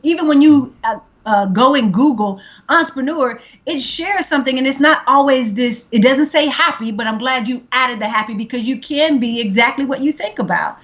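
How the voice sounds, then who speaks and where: A woman's voice: fairly high pitch, fairly bright tone, highs cut off. A woman guest speaker on a business show, talking in firm, declarative statements. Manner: assertive, declarative. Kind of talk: interview guest.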